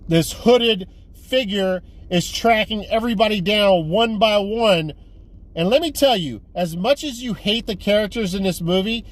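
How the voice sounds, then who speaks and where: This fairly high-voiced man is a movie collector vlogger recounting a film's story during a laid-back haul review. He rambles, curses freely and keeps restarting sentences in an animated way, while traffic sounds faintly in the background.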